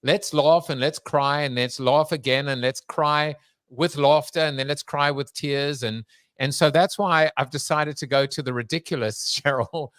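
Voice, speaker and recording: A man with a Long Island accent and a slightly high, fairly bright voice hosts an interview podcast on a dry recording. The chat is casual; he jokes, rambles, and laughs often.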